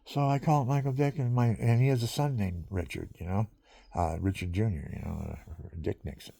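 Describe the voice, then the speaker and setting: Gravelly low-voiced man rambling. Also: fairly even intonation, a little fast, mellow, no room sound. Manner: rambling, drifting between stories, chuckling often. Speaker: monologuist recording himself. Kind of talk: rambling casual monologue.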